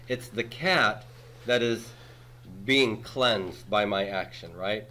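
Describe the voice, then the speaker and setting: Male Greek teacher in his forties, slightly low, bright voice, patient classroom lecture, faint room noise. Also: lively intonation, measured pace. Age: 40s. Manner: patient, checks in with "okay?" and "right?" constantly.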